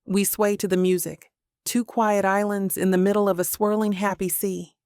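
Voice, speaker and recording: A woman narrating a first-person romance audiobook in an intimate, steady way into a close mic. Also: mid-range voice, normal speed, clean tone, dry recording.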